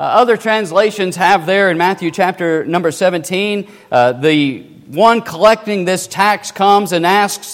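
High-pitched guy preaching, big swings loud to quiet, echo rolling round a church. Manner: emphatic, swings between loud and hushed, slows for stress. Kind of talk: sermon. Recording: long hall reverb.

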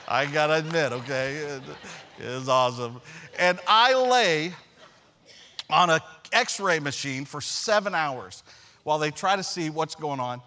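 Animated high-voiced preacher man. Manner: animated, self-deprecating humor. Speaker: pastor. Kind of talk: storytelling sermon.

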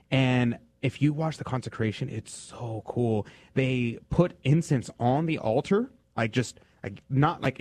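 A man's voice: medium pitch, darkish tone, dry recording. Male radio host in mid register, dry close studio sound; loose, chatty delivery with frequent restarts. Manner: loose, conversational, many fillers and restarts. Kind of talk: casual radio talk.

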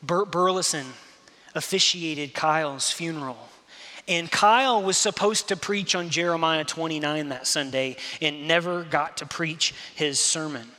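Male pastor, sermon, impassioned and dynamic, sharp bright tone, reverberant hall. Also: fairly high pitch, unhurried. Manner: impassioned, swings between hushed and loud.

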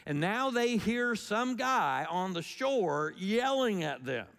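A man delivering a sermon in a relaxed, conversational tone, leaning into the story with swings in loudness. His voice sits a little higher than most men's. It rings out with a long echo, as in a large sanctuary. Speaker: pastor.

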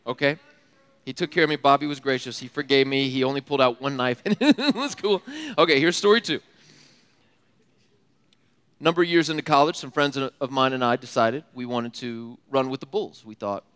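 Animated young man telling stories in a hall. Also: medium pitch, fairly quick. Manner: animated, laughing, casual slang. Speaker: youth speaker. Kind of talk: storytelling sermon. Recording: long hall reverb.

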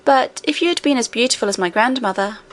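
A woman's voice: on the high side, expressive, fast, natural voice. A woman doing a sweet young princess girl. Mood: coaxing.

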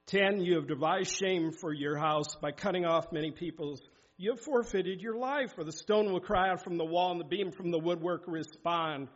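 A man's voice: sits high, moderate pace. Emphatic man preaching a sermon. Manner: emphatic, exhorting, reads scripture aloud. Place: church sanctuary. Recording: dull lo-fi sound.

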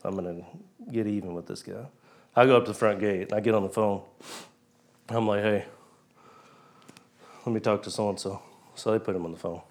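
A man's voice: lowish voice, steady tone, normal speed, long pauses. A man preaching, telling a personal story in a folksy way and acting out the dialogue.

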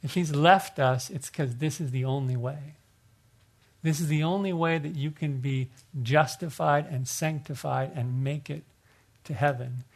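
A man's voice: fairly high pitch, fairly even intonation, unhurried. A middle-aged male pastor preaching a sermon in an earnest, conversational way, often restarting his phrases.

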